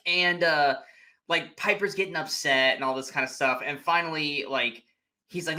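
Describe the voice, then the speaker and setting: A young man co-hosts a casual movie podcast, retelling scenes with lively, swooping intonation. His tone is bright and forward, and he slips into quick impressions of the characters as he goes. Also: a little high. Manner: animated retelling, acting out characters' lines. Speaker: podcast co-host. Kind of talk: casual movie recap chat.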